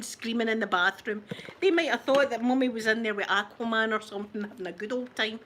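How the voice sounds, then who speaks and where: Talking quickly in a mid-range, fairly bright voice, the Scottish ASMR host in her forties chats casually with her viewers. She keeps laughing and making fun of herself as she tells her stories, over a slight hiss or hum.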